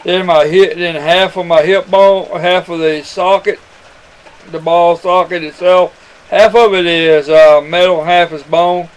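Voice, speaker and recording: Man, high voice, smooth clear tone, earnest rambling testimony, webcam recording. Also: level tone, measured pace, poor audio. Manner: earnest, rambling, addresses listener as son. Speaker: webcam storyteller. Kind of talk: casual personal testimony.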